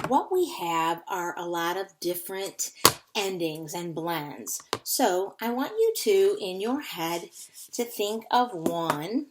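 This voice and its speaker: A woman teaches phonics to young children in a slow, patient way, repeating each word so they can sound it out. Her voice sits a little low, and a faint hiss runs under the recording.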